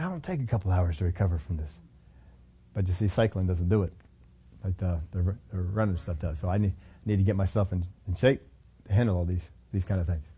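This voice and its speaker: A man's voice: mid-range voice, mellow, slightly rough. A middle-aged man preaching a sermon as pastor, emphatic, repeating phrases and acting out quotes.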